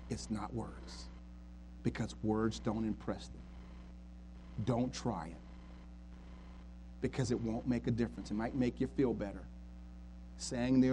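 A man preaching a sermon, swinging from quiet earnest talk to loud, fervent retelling of scripture. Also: on the low side, slight background noise, low-quality recording. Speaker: pastor.

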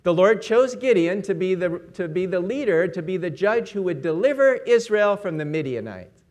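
A man's voice: sits high, expressive, normal speed, a little mellow. A man preaching a sermon, retelling stories and briefly acting out the quoted lines.

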